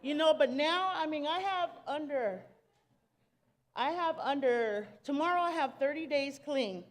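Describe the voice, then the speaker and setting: A woman stands up at a church service to share her testimony, nervous and halting, restarting her sentences. She talks in casual street slang, and her voice sits a little high. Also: lively intonation, big-room sound, very noisy. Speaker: church member giving testimony.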